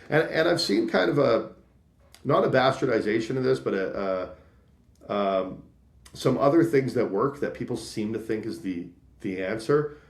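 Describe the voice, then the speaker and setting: Lively storytelling man, echoey room. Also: medium pitch, creaky. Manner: animated, acts out quoted voices. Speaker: podcast guest, sales leader. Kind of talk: casual interview storytelling.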